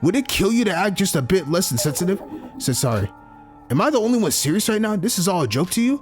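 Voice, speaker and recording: Furious young male student, voiced by a man, loud exasperated ranting, pitched high, game dialogue read aloud. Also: big pitch swings, a little fast, faint music behind.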